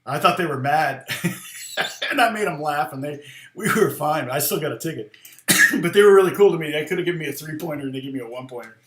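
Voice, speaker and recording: A man's voice: a little high, lively intonation, fast, fairly bright tone, reverberant. A middle-aged man, a guitar teacher, telling rambling, chuckling anecdotes in casual conversation. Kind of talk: casual storytelling.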